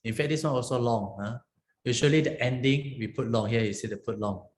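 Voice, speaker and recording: A man's voice: mid-range voice, a little fast, a little hiss or hum. A man, a Buddhist monk, teaching an online Pali lesson step by step, often checking in with "okay?" and "right?". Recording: roomy echo.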